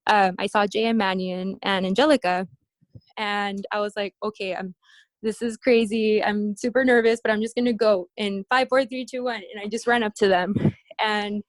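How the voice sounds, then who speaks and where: A woman telling stories from her competition days in a casual interview, acting out quoted voices with animated high-pitched bursts. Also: moderate pace, no echo. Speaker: interview guest, bikini competitor. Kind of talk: casual storytelling.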